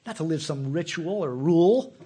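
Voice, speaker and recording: Husky-voiced man preaching casually. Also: a little high, normal speed. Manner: conversational, animated, often asks listeners questions. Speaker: pastor. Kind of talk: sermon.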